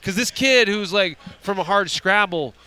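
A man guesting on a podcast in casual chat, an animated storyteller who swears freely. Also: sits high, moderate pace, clean tone.

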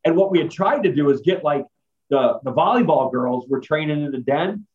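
Ex strength coach guy chatting loose, full of likes and laughs, slightly high voice, muffled audio. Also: expressive, fairly quick, darkish tone. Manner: rambling storyteller, lots of fillers and laughs. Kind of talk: casual chat. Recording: dull lo-fi sound.

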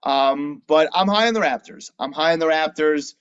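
A man with a somewhat high voice co-hosts a casual sports chat, animated and quick to fire back questions. The sound is dull and lo-fi. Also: smooth. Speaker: podcast co-host.

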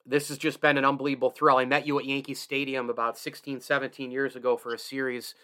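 A man's voice: medium pitch, flat delivery, fast talker, bright, forceful tone. A man hosting a sports radio interview, effusive and openly enthusiastic toward his guest. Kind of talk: casual interview.

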